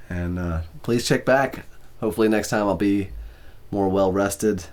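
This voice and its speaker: Man, lowish voice, ASMR story reading, weary, apologetic, trips on words. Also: measured pace, darkish tone. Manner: apologetic, tired, stumbles over words. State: exhausted.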